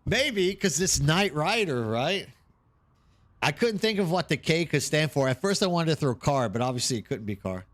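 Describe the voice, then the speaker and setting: A man's voice: a little high, sing-song, moderate pace, a bit bright. A man chatting casually on a live stream while gaming, rambling and reacting to chat. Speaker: streamer hosting a watch party.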